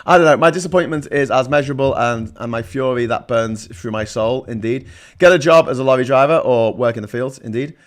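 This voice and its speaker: A man hosting a political livestream, reading chat messages and ranting sarcastically, swinging between loud outbursts and low muttering. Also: brisk. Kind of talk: ranting live-stream commentary reading chat.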